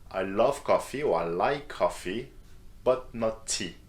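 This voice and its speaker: A man's voice: lowish voice, expressive, a little slow. A man teaching French grammar, reading example sentences and then translating them into English. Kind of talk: scripted grammar lesson.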